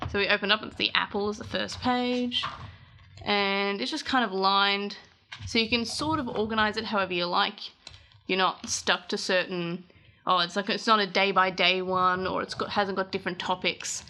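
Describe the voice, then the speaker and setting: A woman's voice: mid-range voice, fairly even intonation, normal speed, pushed and bright. An Australian woman talking casually through an unboxing for her vlog, rambling a little and correcting herself as she goes. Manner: rambling, self-correcting, chatty. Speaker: vlogger.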